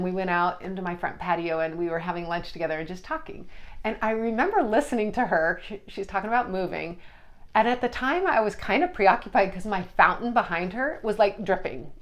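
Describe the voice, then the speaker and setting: Chatty woman telling personal stories. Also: mid-range voice. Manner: chatty, earnest, lively retelling with restarts and quoted dialogue. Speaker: podcast host and Reiki practitioner. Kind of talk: casual storytelling monologue.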